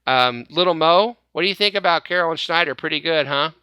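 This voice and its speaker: A man's voice: fairly high pitch, fairly quick, bright, forceful tone, clear, resonant tone, dry recording. A man hosting a casual fan-show podcast, upbeat, laughing often and stumbling over repeated words. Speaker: podcast host.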